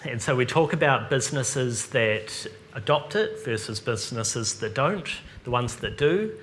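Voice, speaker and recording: A man's voice: mid-range voice, lively intonation, measured pace, fairly bright tone, a little hiss or hum. A man answering audience questions at a seminar in a casual, chatty way. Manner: casual, chatty, lots of ums. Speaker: seminar presenter. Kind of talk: live seminar Q&A.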